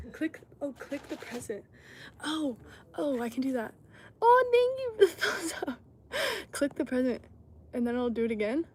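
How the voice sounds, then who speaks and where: A young woman with a slightly high voice chats casually on a livestream while making pottery. She talks to her viewers and thanks them for gifts as she works. A clear hiss of noise sits behind her voice. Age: 20s.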